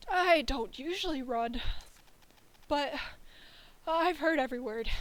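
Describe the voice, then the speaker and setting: High-voiced woman reading game dialogue. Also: a little slow, long pauses, rough recording. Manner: reads lines in an easy, playful tone, breaking off with giggles. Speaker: streamer.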